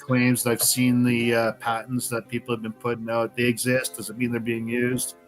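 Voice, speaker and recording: A man's voice: medium pitch, moderate pace, soft background music. Blunt, swearing man on a podcast. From Canada. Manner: blunt, heavy swearing, animated bursts. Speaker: podcast guest, veteran. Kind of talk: casual podcast conversation.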